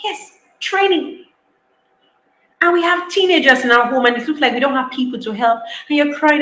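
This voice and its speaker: Emphatic high bright-voiced woman. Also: moderate pace, reverberant, low-quality recording. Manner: emphatic, repeats key lines, acts out parents' voices. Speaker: parenting speaker. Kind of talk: online parenting talk.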